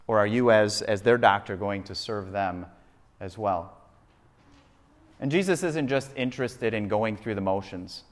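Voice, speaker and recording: A male pastor preaching a sermon, emphatic and fond of repeating phrases for effect. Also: fairly low pitch. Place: church sanctuary. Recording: long reverb of a church hall.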